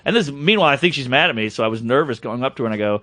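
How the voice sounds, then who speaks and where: A man, a comedian, telling a story on a podcast in an animated, profane, self-deprecating way. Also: mid-range voice, rapid-fire.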